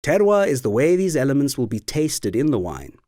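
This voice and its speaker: A man giving scripted educational narration for a wine course, with a clear, explanatory delivery. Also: mid-range voice, sing-song, fairly quick, dark tone, no echo, studio quality.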